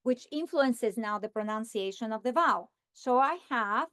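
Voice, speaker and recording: High-voiced woman modeling phonics. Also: animated, a bit bright, no room sound, clean studio sound. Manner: slow, deliberate sounding-out of words. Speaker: teacher trainer. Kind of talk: modeling a phonics lesson for teachers.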